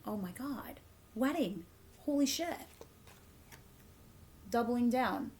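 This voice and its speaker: A woman giving a casual tarot reading straight to her viewers, animated, cursing freely and often repeating herself. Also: fairly high pitch, slow pace, a little hiss or hum. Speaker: tarot reader.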